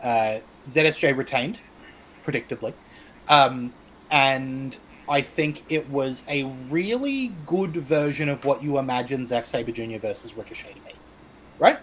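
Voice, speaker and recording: A man's voice: mid-range voice, measured pace, fairly bright tone, slight background noise. An Australian man co-hosting a wrestling podcast, steering the talk and reading out comments from the chat. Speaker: podcast co-host.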